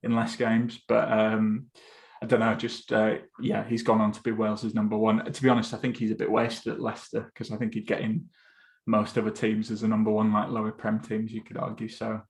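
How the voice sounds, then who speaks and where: A man's voice: on the low side, monotone, a little fast. A young man with an Essex accent hosting a casual football podcast, talking loosely and swearing offhand. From England. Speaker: podcast host. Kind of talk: casual chat.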